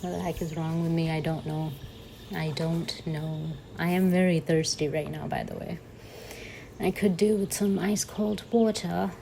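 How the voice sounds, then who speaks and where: Setting up her journal on camera, a young vlogger giggles, jokes about herself and chats casually in voice-over. She has a low, mellow voice with vocal fry and fairly even intonation, speaking a little slowly, and the audio is poor with slight background noise.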